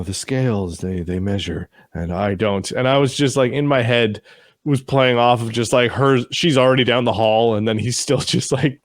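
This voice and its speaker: A man's voice: mid-range voice, dry recording. A man co-hosting a casual show recap, retelling scenes with mocking voices and casual swearing. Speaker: podcast co-host.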